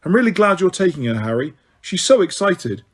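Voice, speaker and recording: A man with a husky voice voicing a kind but snappy teenage witch girl in an audiobook reading. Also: high-pitched, big pitch swings, brisk.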